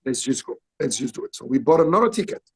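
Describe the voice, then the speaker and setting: A man in his sixties from Belgium, speaking English with a French accent, animatedly telling a story in halting English and acting out what people said. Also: medium pitch, sing-song, darkish tone, breathy edge. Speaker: interview guest, actor. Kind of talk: storytelling interview.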